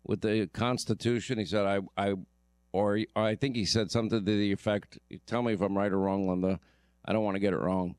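Emphatic male radio host, smooth voice. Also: lowish voice, steady tone, brisk, a little mellow, no echo, studio quality. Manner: emphatic, repeats himself. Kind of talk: radio talk commentary.

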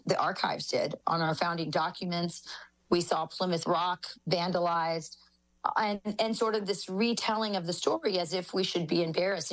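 Woman from the US, author guest, low-pitched, earnest and opinionated. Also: poor audio. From United States. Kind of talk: interview conversation.

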